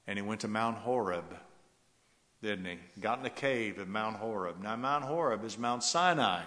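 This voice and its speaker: A man preaching a sermon, swinging from loud rising exhortation to hushed, soft passages. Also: on the low side, animated, normal speed, big-room sound. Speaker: pastor.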